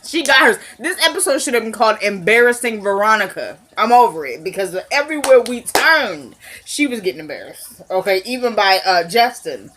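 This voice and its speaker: A woman giving an animated, casual recap of a TV episode. She laughs often and acts out the scenes. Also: medium pitch, brisk, hardly any pauses, a little hiss or hum. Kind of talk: casual chat.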